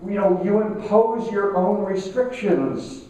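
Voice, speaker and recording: A middle-aged man giving a motivational talk to a live audience, conversational, repeating himself and slowing down to stress key lines. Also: sits high, dark tone. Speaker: keynote speaker. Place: conference room at a networking event. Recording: echoey room, mic from far off.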